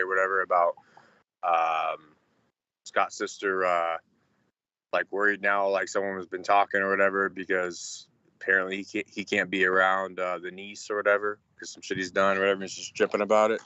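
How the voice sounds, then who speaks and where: A man's voice: low-pitched, sharp tone, smooth, dry recording, highs cut off. Rambling, defensive male caller. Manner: defensive, rambling, heavy swearing. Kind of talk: casual call-in chat.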